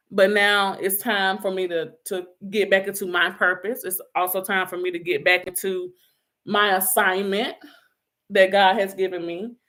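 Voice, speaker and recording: A woman's voice: medium pitch, a bit bright. A middle-aged woman life coach giving an emphatic motivational talk, repeating her calls to action and sometimes laughing at herself. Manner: emphatic, repetitive exhortations, slips into laughter and self-teasing.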